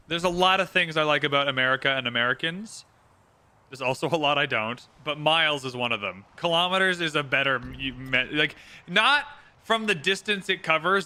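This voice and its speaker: A young Canadian streamer chats casually while playing a strategy game, reading out viewer locations and talking through his moves. His voice sits on the high side, bright and forceful, with a clean tone.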